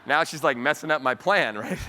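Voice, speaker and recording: Delivering a keynote in a large hall before a live audience, a man tells a personal story with feeling, lively and acting out the voices of the people in it. His voice is a little high and fairly quick. The recording has long hall reverb and a little hiss or hum.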